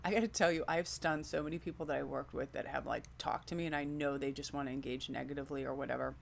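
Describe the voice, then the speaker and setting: Brief: upbeat woman tarot reader, gravelly with vocal fry, talking straight to viewers. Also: extremely low pitch, fairly even intonation, fast, slight background noise. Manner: enthusiastic, chatty, encouraging. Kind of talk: casual tarot reading to viewers.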